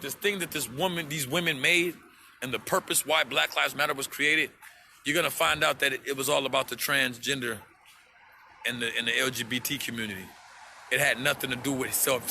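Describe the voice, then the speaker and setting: Man, heated profane livestream rant, slightly high voice, strained sharp tone, faint hiss behind. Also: creaky. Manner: impassioned, profane, repeats himself for emphasis. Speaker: livestreamer addressing viewers.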